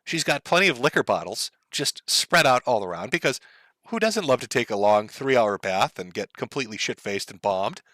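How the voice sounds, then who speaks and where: A man's voice: medium pitch, animated, moderate pace, fairly bright tone, no room sound. A man streaming live, giving profane, mocking commentary over clips.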